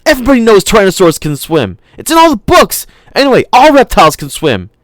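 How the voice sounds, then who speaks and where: A man voicing a frightened, whiny young girl in an audiobook, with a shrill, wailing manner. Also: huge pitch swings, fast talker, fairly bright tone, dry recording, exaggerated voice. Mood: defensive.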